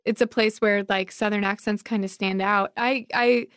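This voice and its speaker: A woman's voice: medium pitch, steady tone, normal speed, a bit bright, dry recording, studio quality. A woman writer from Georgia, a guest on a podcast, talking cheerfully and laughing often. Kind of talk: conversational interview.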